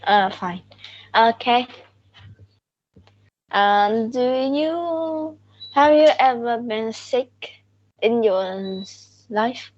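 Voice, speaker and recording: A woman asking practice questions in halting English, full of restarts and fillers. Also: a little high, expressive, a little mellow. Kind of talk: English speaking practice conversation. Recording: dull lo-fi recording.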